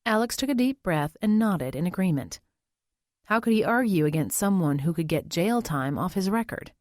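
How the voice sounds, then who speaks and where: With a lowish voice, a woman delivers an audiobook in calm, measured storytelling from a script. The studio recording is clean, with no room sound.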